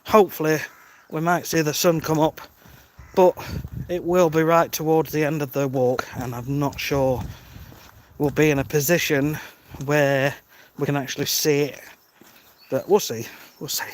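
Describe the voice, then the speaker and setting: A man's voice: on the high side, flat delivery, normal speed, slight background noise. A man in his thirties chatting casually on a live stream while walking outdoors, greeting viewers by name. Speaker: vlogger on a live-streamed walk. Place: outdoors on a village road at dawn, walking. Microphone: phone held while walking.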